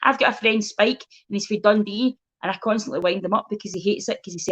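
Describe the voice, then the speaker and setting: Fast and with few pauses, this Scottish comedian's mid-range voice rattles through animated stories as a guest in casual conversation. She's blunt and sweary, and the audio sounds dull.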